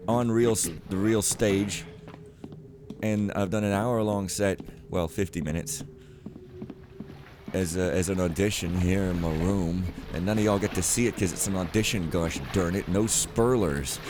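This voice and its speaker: Over background noise, a let's player speaks at normal speed in a low-pitched voice with fairly even intonation. His casual commentary on the game rambles into rants he keeps interrupting.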